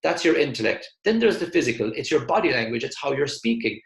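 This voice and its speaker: A man gives an emphatic motivational talk to a sales team, hammering his points home through repetition. His voice has a gravelly, fry-tinged edge. The room around him is echoey. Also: mid-range voice, sing-song, fast talker. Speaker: motivational speaker.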